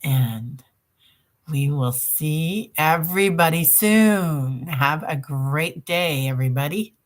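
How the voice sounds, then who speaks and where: A woman's voice: sits low, slow. A woman hosting a group meditation stream, chatting casually and reading out viewer comments, with many fillers and restarts. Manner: chatty, warm-hearted, reads viewer comments aloud; rambling with many fillers and self-corrections. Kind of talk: casual livestream sign-off chat.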